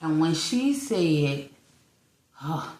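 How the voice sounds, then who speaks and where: Speaking at normal speed in a fairly low voice, this woman in her forties spins a long personal tale as a podcast co-host in a casual storytelling chat. She acts out people's quotes and laughs frequently, and the room sounds echoey.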